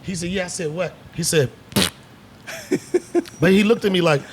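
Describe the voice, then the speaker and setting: Animated middle-aged man telling stories. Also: sits high, unhurried, slight background noise. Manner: animated storyteller, acts out voices, swears freely. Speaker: comedian guest. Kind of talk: casual storytelling chat. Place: bar set.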